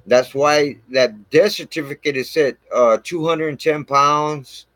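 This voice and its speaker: A man's voice: on the high side, a little slow, a bit bright, no echo, rough recording. Guy rambling thru a story, swears a ton, says man constantly, dry close sound. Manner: rambling, heavy swearing, frequent "man" fillers. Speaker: vlogger telling his own story. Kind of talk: casual storytelling to camera.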